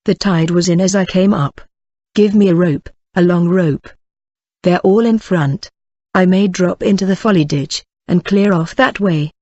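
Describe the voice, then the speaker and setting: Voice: medium pitch, a little slow, warm tone, no room sound. Reader voicing a desperate brutal killer barking orders, dry dull audiobook recording. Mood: fierce. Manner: barking fierce commands. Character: brutal desperate grown man, a fleeing murderer.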